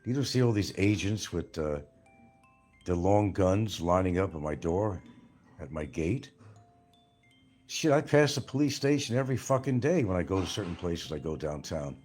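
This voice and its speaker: A man's voice: low voice, expressive, normal speed, a little mellow, faint music behind. A man hosting a casual livestream and answering viewer comments in a blunt, profane, combative way. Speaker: livestream host.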